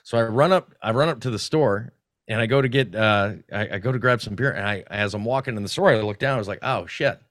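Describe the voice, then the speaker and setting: A man's voice: lowish voice, fast, no room sound. Casual podcast guest, male, swears freely, dry mic. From North Carolina. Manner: animated, profane, restarts often. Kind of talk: casual storytelling.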